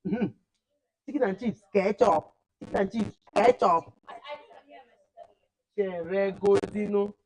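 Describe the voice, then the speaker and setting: A woman teaching a class of children, animated and repeating words for emphasis. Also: medium pitch, measured pace, rough recording. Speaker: camp teacher.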